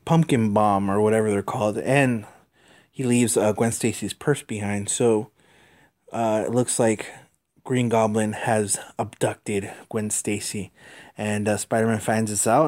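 A man hosting a podcast, giving a casual, halting recap of a comic book with many fillers. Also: fairly low pitch, a little mellow. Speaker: podcast host.

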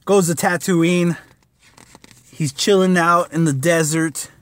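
A man's voice: on the high side, steady tone, unhurried, no room sound. Rambling man reviewing comics. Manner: rambling, lots of fillers and slang. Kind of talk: casual comic review vlog.

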